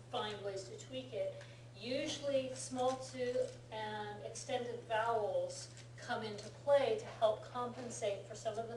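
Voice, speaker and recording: An American woman teaching a casual language lesson, explaining patiently and encouraging her student, with plenty of fillers. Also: mid-range voice. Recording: roomy room from far off, faint hum.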